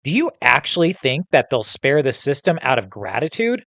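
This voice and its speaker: A man reading aloud, voicing a sharp, demanding alien girl ambassador who fires accusing questions. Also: mid-range voice, big pitch swings, normal speed, gravelly, no room sound, pitched above the performer's own voice. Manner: accusing, insistent.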